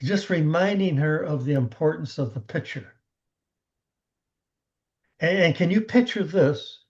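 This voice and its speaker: A man giving a motivational coaching talk on a team call, animated, acting out the conversations he retells. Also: a little high, measured pace, lo-fi sound. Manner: animated storyteller who acts out quoted conversations.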